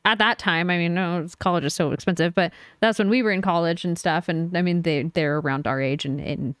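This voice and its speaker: A woman's voice: on the low side, fairly quick, smooth, no echo. A young adult woman co-hosting a podcast in casual chat, opinionated and emphatic, sometimes swearing. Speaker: podcast co-host.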